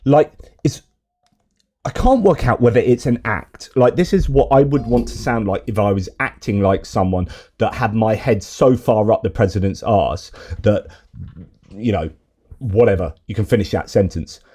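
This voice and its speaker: Indignant man, low mellow voice. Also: normal speed. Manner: indignant, exasperated. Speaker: political commentator. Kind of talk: reacting to video clips.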